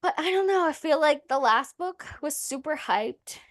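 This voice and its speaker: A woman co-hosting a casual podcast, with a fairly high voice recorded dry and close. She talks hesitantly, pausing on fillers as she gives her opinions. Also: expressive, dry recording. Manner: hesitant, many fillers while reviewing. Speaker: podcast co-host. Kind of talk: casual chat.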